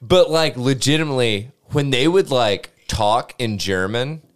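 A man's voice: medium pitch, expressive, measured pace. A man co-hosting a podcast in casual banter, laughing often, swearing and trailing off mid-sentence. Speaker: podcast co-host.

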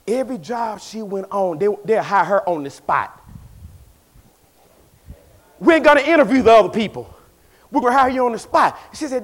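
High-voiced preacher building to shouts. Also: male voice, expressive, normal speed, long pauses. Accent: Southern US Black vernacular. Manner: call-and-response preaching, folksy and building to shouts. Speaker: pastor. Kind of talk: preaching a sermon.

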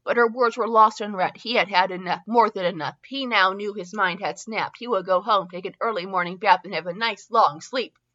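A woman hosting a podcast reads fanfiction aloud in a bright, clear voice at medium pitch and normal speed, with few pauses. She stumbles over words, restarts them, and laughs at herself, breaking off for comic asides. The audio sounds somewhat dull and lo-fi.

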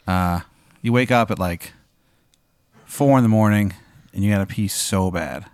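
A man's voice: fairly low pitch, unhurried, darkish tone, clear, resonant tone, no echo, clean studio sound. A man hosting a podcast, casually narrating a spooky hypothetical with many fillers. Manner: rambling, filler-heavy narration. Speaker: podcast host posing a hypothetical. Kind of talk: casual improvised storytelling.

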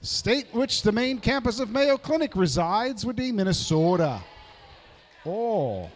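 A man's voice: sits high, very animated, unhurried. A man hosting a live pub trivia night, reading out answers with jokey asides.

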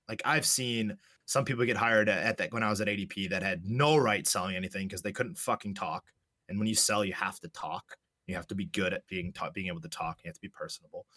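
A man's voice: on the low side, no echo, clean studio sound. A young man casually telling a story, swearing often and acting out both sides of a conversation. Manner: profane, animated storyteller, acts out dialogue.

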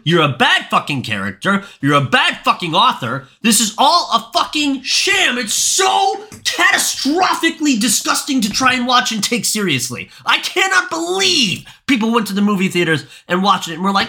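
A man co-hosting a podcast, ranting about a movie with profane exasperation and sudden shouts; his voice is going hoarse. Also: high-pitched. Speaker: podcast co-host.

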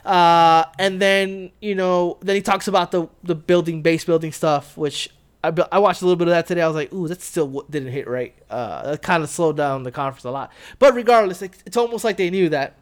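A man's voice: high voice, fairly quick, clear, resonant tone. A man in casual podcast chat, talking through game reveals in a rambling way with many fillers.

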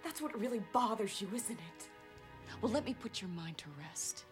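An actress with a fairly high, lively voice plays a restless young wife in a TV drama, speaking at a moderate pace against faint background music, close to an everyday voice. She is scornful, bitter, and cutting as she walks out on her husband.

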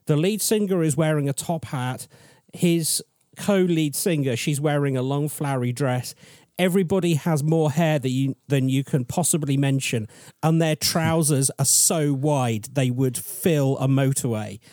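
Mellow man telling a story. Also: on the high side, normal speed, no echo, clean studio sound. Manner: chatty, self-deprecating, rambling. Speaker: podcast co-host presenting the story. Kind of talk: casual storytelling chat.

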